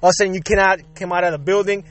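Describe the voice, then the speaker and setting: A man's voice: sits high, steady tone, racing. A man from Puerto Rico hosting his own show, ranting casually and profanely and laughing between lines. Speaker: podcast host. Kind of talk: casual solo rant.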